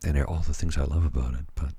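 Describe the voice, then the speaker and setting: A tired man from Canada, talking slowly and haltingly at home at night in a soft ASMR manner, with many fillers and restarts. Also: extremely low pitch, steady tone, husky. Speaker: ASMR channel host. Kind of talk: soft-spoken ASMR personal talk.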